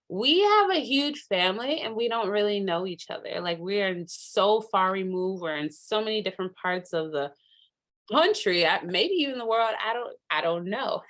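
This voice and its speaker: A woman's voice: mid-range voice, fairly bright tone. A woman presenting a workshop over a video call, chatty and enthusiastic, with many fillers and asides. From Minnesota. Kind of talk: casual virtual workshop talk.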